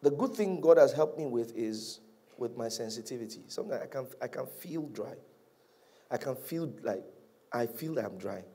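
A male pastor preaching a sermon, animated, rising to loud peaks and dropping to hushed, drawn-out lines. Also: mid-range voice, slightly rough.

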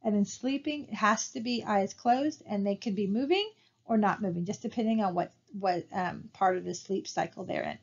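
A woman's voice: medium pitch, moderate pace, gravelly, lo-fi sound. A woman instructor giving a recorded slide lecture, talking conversationally and posing rhetorical questions to her students. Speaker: college instructor.

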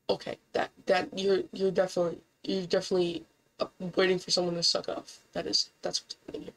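This woman's casual gameplay commentary comes in a brisk, creaky voice on a low-quality recording. She's excitable and incredulous, cursing often and spiking in pitch at every surprise.

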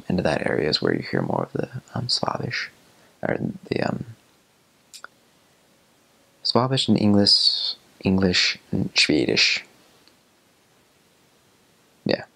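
Young man, very deep voice, gravelly, husky, casual chat, hesitant fillers. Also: fairly bright tone. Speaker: returned missionary.

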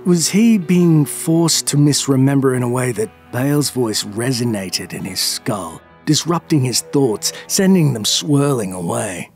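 Slow, gravelly dramatic male storyteller. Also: on the high side. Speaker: lore narrator. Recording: faint background music.

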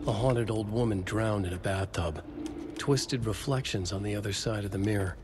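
A man voicing a grim male narrator of a dark horror tale, reading scripted narration in a grave, measured way. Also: lowish voice, noisy background, natural voice. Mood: ominous. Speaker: game narrator.

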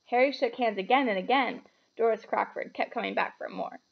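A woman reading a children's book aloud with expressive, animated storytelling. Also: fairly high pitch, fairly quick, vocal fry, dull audio, slight background noise.

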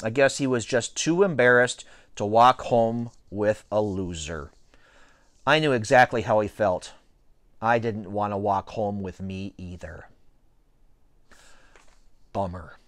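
A man reading a children's novel aloud with an expressive, playful storytelling delivery. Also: on the low side, measured pace, no room sound, clean studio sound. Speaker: reader.

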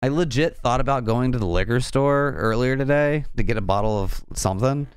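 Brisk and smooth, a mid-range voice from the American South comes through clean studio sound with no room echo. The young man is running a programming livestream, chatting loosely, rambling, and joking back and forth with chat.

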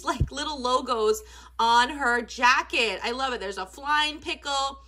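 Bright, high-voiced gushing woman. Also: a little slow. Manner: gushing, enthusiastic. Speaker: toy unboxing vlogger. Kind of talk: casual unboxing chat.

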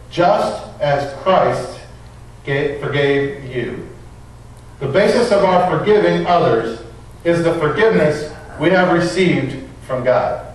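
A man preaching a sermon as a pastor, reading scripture, praying and telling stories in an earnest way. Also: fairly high pitch. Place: church sanctuary. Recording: echoey church from a distance.

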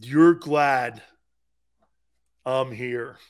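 A man's voice: medium pitch, very slow, smooth. A man hosting a sports talk show, ranting in a mocking, incredulous way. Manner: mocking and incredulous, breaking into laughter and shouted outbursts.

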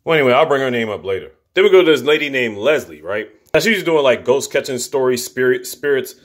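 A man casually recapping a movie plot in slangy, profane, animated talk. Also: medium pitch, quick pace. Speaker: movie reviewer.

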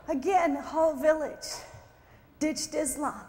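A woman preaching at a conference, exuberant, with shouted exclamations and frequent laughter. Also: high-pitched, a little slow, a little hiss or hum. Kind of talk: sermon. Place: conference hall. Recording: echoey hall with faint crowd. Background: faint crowd.

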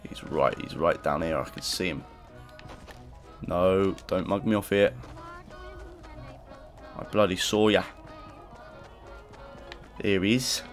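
A young man giving excited live commentary over his gameplay, exclaiming and joking in slang. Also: low-pitched, slow, long pauses, soft background music. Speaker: gaming YouTuber.

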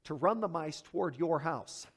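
This sermon comes from a male pastor at normal speed, with a little hiss or hum in the recording. He preaches emphatically and with animation, asking the congregation rhetorical questions while alternating hushed low asides with loud high peaks.

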